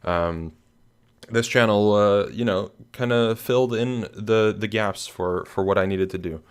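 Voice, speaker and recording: A man's voice: on the low side, measured pace, smooth. A young man hosting a casual recap of his channel, tired and yawning, rambling with lots of fillers and restarts. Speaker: channel host. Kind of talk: casual screen-share recap.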